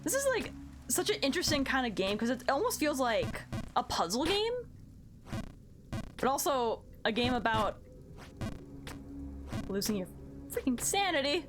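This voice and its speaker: Playful woman gamer streaming, high voice, counts one two three, yelps a lot, music under her. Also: sing-song, normal speed, pauses often. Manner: counts aloud while playing, yelps at failures; self-mocking, playful chatter with chat. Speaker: VTuber game streamer. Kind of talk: live gameplay commentary. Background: background music.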